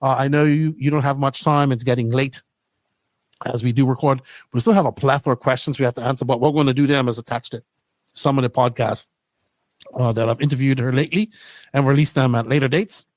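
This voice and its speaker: A man hosting a podcast in casual, rambling talk, often excited. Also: medium pitch, a little fast, no room sound. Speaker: podcast host.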